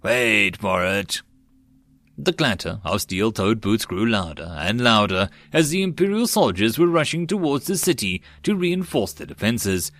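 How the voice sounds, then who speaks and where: A man narrating a web novel audiobook in a steady storytelling manner. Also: mid-range voice, normal speed, hardly any pauses, no room sound.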